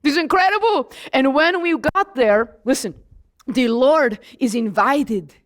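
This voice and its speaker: Here a woman speaks as the apostle John, telling of his time with Jesus in first person and putting questions straight to the audience. Her voice sits high and is expressive, moving a little slowly, in this in-character Bible storytelling.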